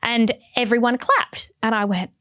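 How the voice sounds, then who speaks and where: Australian woman telling a lively story. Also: a little high, moderate pace, no echo, clean studio sound. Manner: animated storyteller, acts out her own quotes. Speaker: podcast co-host. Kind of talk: casual chat.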